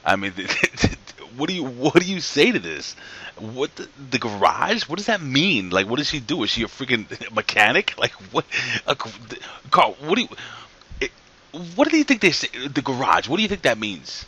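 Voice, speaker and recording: A man's voice: mid-range voice, very animated, normal speed, bright, forceful tone, breathy edge. A man giving a casual, rambling wrestling show recap, joking, swearing and ribbing someone off camera, tired from working late at night. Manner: jokey, rambling, swears, asks off-camera crew.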